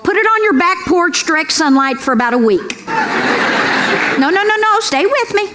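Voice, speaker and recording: A woman's voice: extremely high pitch, sing-song, unhurried. A middle-aged woman doing a folksy, sassy stand-up routine, calling the crowd "girls" and asking for amens. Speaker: stand-up comedian. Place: comedy club stage. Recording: live stand-up with crowd noise. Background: audience laughter and room noise.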